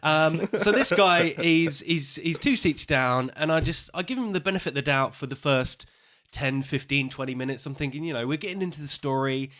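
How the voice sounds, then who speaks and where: A man's voice: fairly high pitch, normal speed, hardly any pauses, pushed and bright. Wry man telling a cinema story. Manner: wry anecdotal storyteller, acts out other people's voices. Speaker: podcast co-host. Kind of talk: casual film chat, storytelling.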